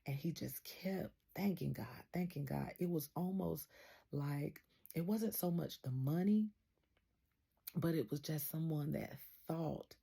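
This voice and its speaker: Lady telling her story on her channel, very breathy raspy voice, mellow tone. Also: low voice, a little slow. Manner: earnest storytelling, retells dialogue with "I said". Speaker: host of a faith channel. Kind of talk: casual spoken testimony.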